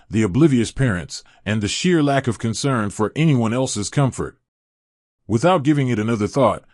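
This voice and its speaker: A man reading a scripted story in an even, measured way. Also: medium pitch, no room sound, studio quality. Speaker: narrator.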